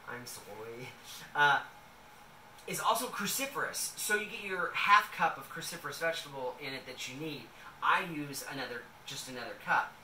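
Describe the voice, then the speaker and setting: A man's voice: on the high side, bright, forceful tone, a little hiss or hum. A man in a casual home kitchen vlog, talking in a loose, rambling way with many fillers as he makes a salad. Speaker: vlogger. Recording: echoey room, a bit distant.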